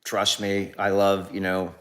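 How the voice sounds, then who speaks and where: A man's voice: sits low, flat delivery, unhurried, a bit bright. A man hosting a casual livestream, rambling through jokes and loose asides. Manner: rambling, full of fillers and restarts, joking. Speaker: livestream host.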